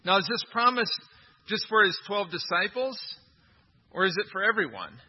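Male pastor, sermon delivery, emphatic and questioning, breathy tone, dull lo-fi recording. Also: high-pitched, lively intonation, moderate pace. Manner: emphatic, asks the congregation questions.

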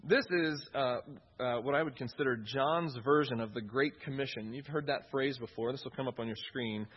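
Male preacher, husky voice, earnest and repetitive delivery, slightly dull lo-fi recording. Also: mid-range voice, moderate pace. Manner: earnest, repeats key phrases for emphasis. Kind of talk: sermon.

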